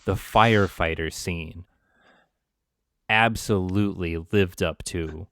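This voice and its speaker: Man, very deep voice, laid-back, upbeat, profane, casual movie chat, dry sound. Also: slow, fairly bright tone, dry recording. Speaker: podcast co-host.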